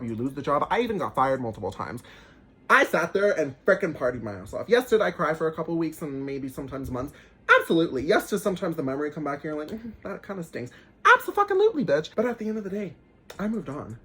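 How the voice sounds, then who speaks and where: A young man giving an emphatic motivational talk to camera, swearing casually and turning animated when he acts out what people say. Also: fairly high pitch, husky. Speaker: self-help vlogger.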